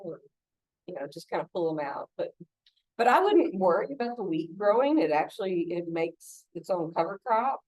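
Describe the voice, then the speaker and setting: A woman's voice: on the low side, a little mellow, no echo. A middle-aged woman giving a casual gardening talk, chatty and laughing often between stories. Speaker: gardening instructor.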